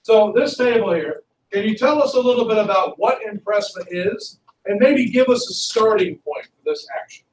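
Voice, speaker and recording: A male history teacher lecturing a class in a lively, conversational way and asking students questions. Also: high voice, normal speed, a little hiss or hum. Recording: echoey classroom from far off.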